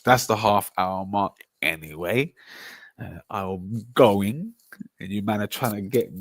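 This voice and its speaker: A young man with a low voice, bantering with his chat on a football stream. He talks in slangy, excitable bursts, and the sound is dry and close, with no room around it. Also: takes it slowly, dry recording.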